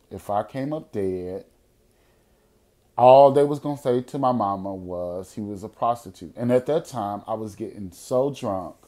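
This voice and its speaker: A young adult man hosting a podcast, telling a personal story in a casual, profane way, at times lively and at times quiet and serious. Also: lowish voice. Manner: profane, animated storyteller who drops to quiet, serious tones. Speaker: podcast host.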